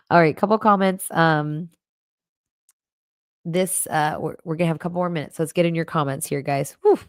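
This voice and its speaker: A middle-aged woman hosting a casual livestream as a coach, chatting warmly and reading viewer comments aloud. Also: deep voice, fairly even intonation, moderate pace, long pauses, no echo, clean studio sound. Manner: warm, chatty, emotional at times. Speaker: livestream host and cancer coach. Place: home in Arizona.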